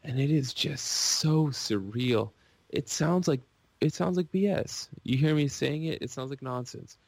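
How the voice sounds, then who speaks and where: A man on a podcast, rambling and gushing in an excitable casual rant. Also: medium pitch, measured pace, dry recording.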